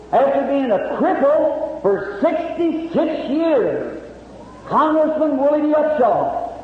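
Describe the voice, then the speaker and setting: A man's voice: very high-pitched, a little hiss or hum. A man preaching a revival sermon, telling a story with fervor and plain rural grammar. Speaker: evangelist preacher. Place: large meeting hall with audience. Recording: lo-fi old hall recording.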